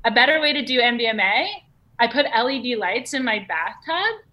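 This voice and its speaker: A woman guest in casual chat, speaking in a relaxed, candid way. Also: fairly high pitch, a little fast.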